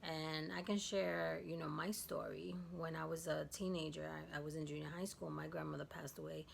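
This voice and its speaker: A woman from Guatemala telling a personal story in a vlog, soft and halting, with many fillers. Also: sits low, level tone, creaky, a little hiss or hum. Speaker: vlogger.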